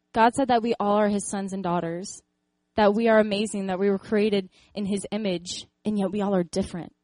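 A young woman speaks in an earnest, encouraging way, telling a personal faith story with laughs and quick acted-out voices. Her voice sits at a mid pitch. The recording is dry and close, with no room sound. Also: no echo. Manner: animated storytelling, acts out voices in quotes. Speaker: speaker sharing a faith testimony.

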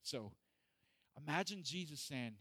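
In a church hall, a pastor with a fairly high voice preaches an unhurried, casual sermon, recorded without echo. He's animated and joking, acting out the voices of the people in the story.

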